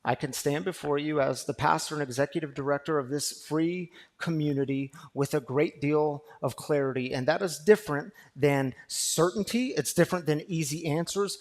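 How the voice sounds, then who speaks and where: A man, pastor of a recovery community, preaching a sermon that moves from quiet storytelling to loud, fervent exhortation. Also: fairly high pitch.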